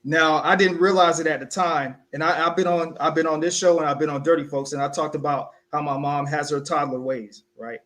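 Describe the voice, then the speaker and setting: A young man from South Carolina co-hosts a casual podcast, recounting a personal story in an animated, conversational way. His voice sits a touch higher than most men's, and he slips into the voices of the people he quotes. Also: fairly quick, few pauses. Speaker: podcast co-host.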